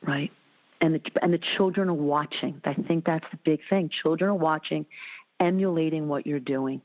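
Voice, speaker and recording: A woman hosting an interview show, telling a lively story and acting out the voices in it. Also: moderate pace, dull audio. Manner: animated storyteller, acts out quotes with big pitch jumps. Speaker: host. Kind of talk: casual conversational interview.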